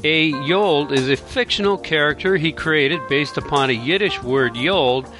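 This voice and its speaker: A man's voice: a little high, measured pace, over music. A man hosting an author interview show, formally reading an introduction and asking questions. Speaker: host.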